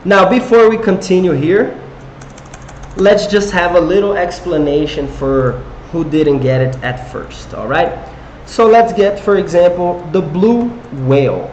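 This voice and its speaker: A man's voice: high-pitched, animated, unhurried, a little mellow, echoey room, highs cut off, slight background noise. A man teaching an English grammar lesson to viewers, encouraging them and quizzing them with questions. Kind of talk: live online English lesson.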